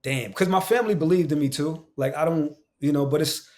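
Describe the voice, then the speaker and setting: A man's voice: on the high side, a little fast, darkish tone. A man from Queens, an actor and voice actor talking as a guest on a casual podcast, candid and emphatic, with lots of slang and swearing. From Queens, New York.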